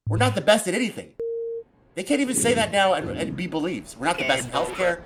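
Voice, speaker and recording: A man hosting a casual political talk show, ranting in an animated, profane way. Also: high voice, fast, background noise. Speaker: podcast host.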